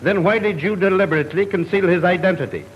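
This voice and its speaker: A man's voice: sits high, quick pace, lo-fi sound, a little hiss or hum, lightly acted. An actor playing a stern middle-aged police chief and father in 1930s film acting, formal and firm.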